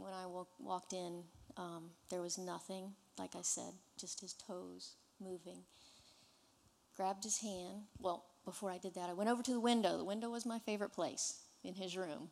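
An earnest woman stands before a church congregation to share her personal testimony. She tells her story in an unhurried way, and her voice has a gravelly, fry-edged texture. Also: on the low side, darkish tone, long reverb tail. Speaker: church member giving testimony.

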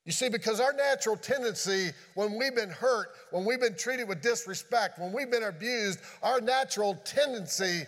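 A man preaching a sermon as pastor, earnest, dropping low and quiet on key phrases. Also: normal speed, hardly any pauses. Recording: long hall reverb.

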